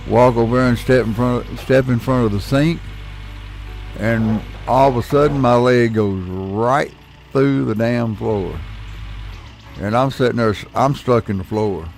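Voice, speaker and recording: A man's voice: mid-range voice, creaky. A middle-aged man, telling a rambling, folksy story with casual swearing while he plays a game. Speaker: gaming channel host.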